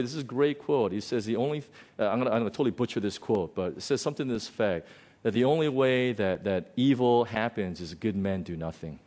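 A man preaching a sermon in a conversational, storytelling way, swinging between loud outbursts and quiet, low passages. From lives in Hong Kong. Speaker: pastor.

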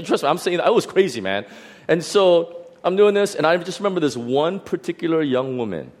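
A middle-aged pastor telling a personal testimony in a sermon, animated and full of restarts and fillers. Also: male voice, medium pitch.

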